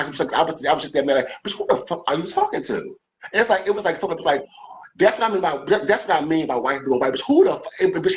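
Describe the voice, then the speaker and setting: Casual interview guest: animated, cursing man from D.C., lively pitch. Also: rough recording. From Washington D.C. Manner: animated, emphatic, profane, repeats words.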